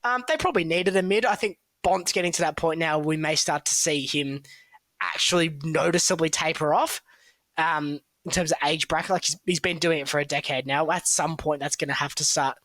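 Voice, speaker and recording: A man's voice: fairly high pitch, brisk, fairly bright tone, no echo. A man talking casually on a podcast, analysing football picks with plenty of fillers and hedges. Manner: chatty, analytical, hedging with fillers. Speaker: football draft analyst, co-host.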